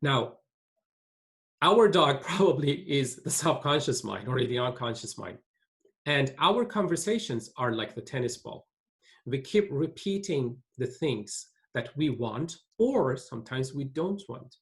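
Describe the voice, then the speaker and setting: Lively, earnest male webinar teacher. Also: mid-range voice, unhurried. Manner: earnest, repeats points, many restarts. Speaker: webinar presenter.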